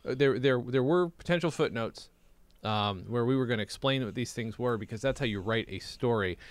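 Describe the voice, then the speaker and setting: A man's voice: mid-range voice, a little fast, dry recording. A man reading an old childhood story aloud with comic, sarcastic asides. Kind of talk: comedic read-aloud with commentary.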